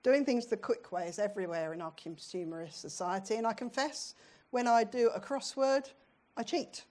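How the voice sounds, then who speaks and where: A woman's voice: on the high side, normal speed, hardly any pauses, a little mellow. A middle-aged British woman preaching a sermon in a church, in a conversational way, often putting questions to her congregation.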